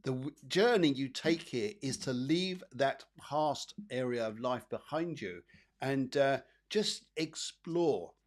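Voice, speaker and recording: Psychic guy doing live readings, rambly and chatty, says stuff twice, mid pitch. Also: expressive, slow pace. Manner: chatty, rambling, repeats phrases, fills with "da, da". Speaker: psychic medium host.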